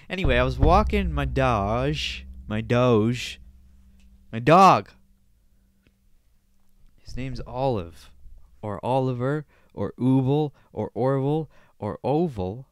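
A man's voice: medium pitch, animated, takes it slowly, long pauses, dry recording. A young man hosting a casual solo podcast from Canada, rambling and joking, swearing freely and sniffling now and then, on a close desk microphone. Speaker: podcast host.

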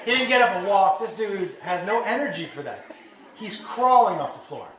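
A high-voiced man does stand-up at a live comedy venue, telling stories at a moderate pace, shouting his punchlines and acting out scenes with lots of animation. He's heard from a distance in a roomy space, with the audience laughing in the background.

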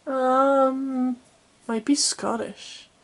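A woman co-hosting a family unboxing video from a room at home, chatty and quick to laugh. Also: sits high, steady tone. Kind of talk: casual chat.

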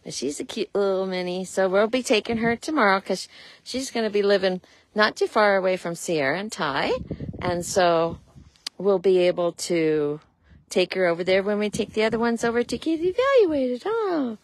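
A woman from a horse rescue walking through the barnyard, explaining each animal's care in a casual vlog and cooing to them in a high sing-song. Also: moderate pace, no echo. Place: outdoors at a farm with horses.

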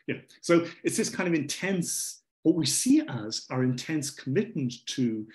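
A man giving an academic talk at a symposium, hesitant and full of fillers, often trailing off quietly at the ends of phrases. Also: a little high, very animated, normal speed, few pauses. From Ireland. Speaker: symposium speaker.

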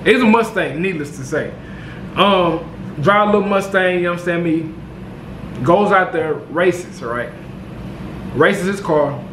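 A man telling a story to camera in a casual, slangy, animated way, repeating himself. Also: high-pitched, unhurried, pauses often, roomy sound, background noise. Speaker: vlogger. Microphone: camera mic.

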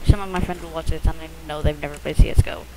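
A steady-toned, medium-pitched voice moves at a quick pace over a noisy background. It belongs to a first-time gamer commentating their own shooter match, rambling casually and self-consciously with muttered asides. The recording was made at home on a close mic that gets bumped by their lips.

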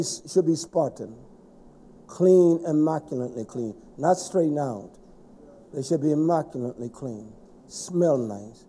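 A middle-aged man preaching a stern, scolding sermon to a congregation, rising to shouts at times. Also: a little high.

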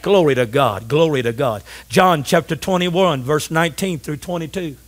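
High-voiced man preaching a rhythmic sermon. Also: moderate pace. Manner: rhythmic call-and-response preaching, repeating phrases; urges the congregation to answer aloud. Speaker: pastor.

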